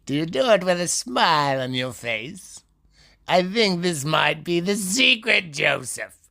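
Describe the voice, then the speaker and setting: A slow, gravelly male voice thick with fry carries a theatrical storytelling monologue marked by big pitch swings, from bright and sing-song to a low, sneering growl. He's playful, repeatedly turning to name listeners who aren't there.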